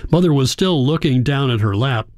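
A man reading a novel aloud in a measured, reflective storytelling manner. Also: medium pitch, lively intonation, a little mellow, dry recording. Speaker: audiobook narrator. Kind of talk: scripted narration.

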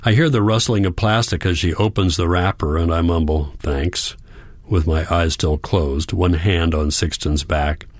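A man narrating a novel in the first person, measured and reflective. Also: sits low, steady tone, no echo, studio quality. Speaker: audiobook narrator.

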